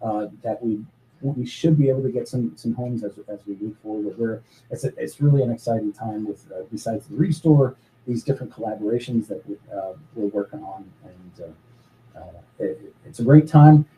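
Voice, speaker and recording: A man talking earnestly as an interview guest about his charity's work, pausing often with fillers and restarts. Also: on the low side, warm tone, slight background noise, rough recording. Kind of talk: casual interview talk.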